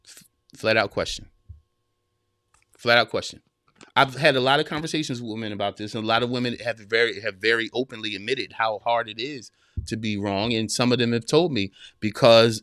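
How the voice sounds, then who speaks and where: A man in his forties hosts a relationship-advice podcast, speaking directly to listeners in a casual counseling style and leaning on emphatic, repeated phrases. His mid-range voice has a fairly bright tone, and the studio-quality recording carries no room sound.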